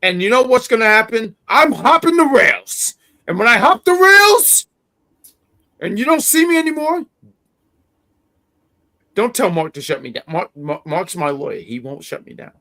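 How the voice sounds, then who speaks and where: A male co-host on a wrestling review stream whose voice swings widely in pitch. He rants in theatrical mock outrage and breaks into yelling. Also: very animated, moderate pace, vocal fry. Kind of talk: livestream chat.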